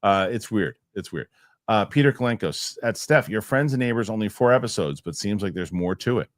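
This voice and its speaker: A man's voice: on the low side, expressive, brisk, no room sound, studio quality. A man hosting a casual live show, rambling loosely and reading viewer comments aloud. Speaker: host.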